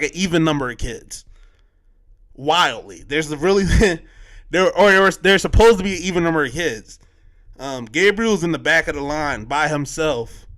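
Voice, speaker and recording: A man's voice: on the high side, a bit bright. Slangy man with a raised voice. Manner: loose and slangy, many fillers and restarts. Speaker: podcast host. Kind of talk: casual film recap.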